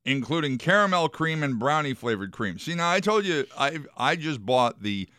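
A man's voice: a little high, very animated, normal speed, bright, forceful tone, dry recording. A man co-hosting a classic rock radio show, chatting casually and laughing hard at his own jokes.

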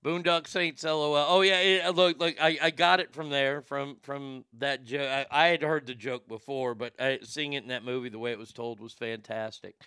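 A man's voice: medium pitch, fairly even intonation, moderate pace, hardly any pauses, sharp tone, clean tone, no room sound, clean studio sound. A man hosting a casual talk show, blunt and rambling, swearing freely. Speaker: show host.

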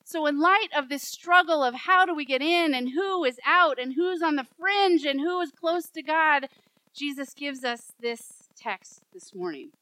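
A woman pastor preaching a sermon, telling a story in an animated way and acting out the voices in it. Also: sits high, measured pace, no echo, poor audio.

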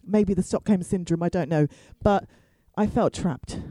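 A woman's voice: fairly low pitch, normal speed, mellow, no echo, poor audio. A woman stand-up comedian telling a story with wry asides and free swearing. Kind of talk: comic storytelling.

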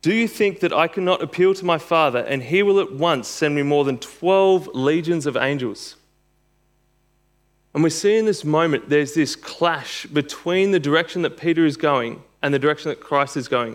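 A man preaching a sermon, reading scripture aloud and explaining it, rising for emphasis. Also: normal speed. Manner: expository preaching, reads scripture aloud, rises in pitch for emphasis.

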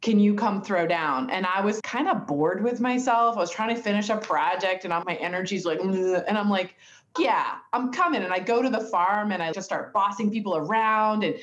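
A woman talking in a quick, playful, enthusiastic way in a casual conversation over a video call. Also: medium pitch, a bit bright, reverberant, dull audio.

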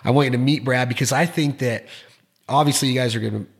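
A man's voice: medium pitch, fast, creaky. A man hosting a casual interview podcast, talking with enthusiasm in long, rambling sentences and often repeating his words. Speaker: podcast host.

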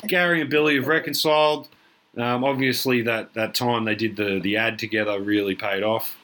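A man co-hosting a comedy podcast, playful and quick to laugh. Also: mid-range voice, fairly even intonation, a bit bright. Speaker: podcast co-host. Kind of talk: casual comedy chat.

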